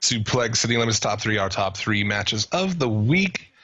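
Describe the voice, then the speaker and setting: A man co-hosting a podcast, chatting casually, swearing and laughing as he reads out listener shout-outs. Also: on the low side, lively intonation, normal speed, highs cut off. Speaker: podcast co-host.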